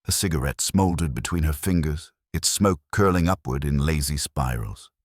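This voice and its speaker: A man giving scripted narration of a mystery in a measured storytelling manner. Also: a bass voice, no echo, clean studio sound.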